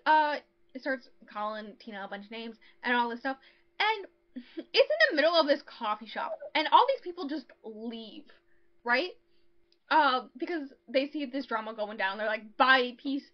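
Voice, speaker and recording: A woman's voice: a little high, muffled recording. A woman co-hosting a podcast, casually recapping a novel's plot with lots of fillers and acted-out lines. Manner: chatty, lots of ums, acts out characters' lines. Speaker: podcast co-host.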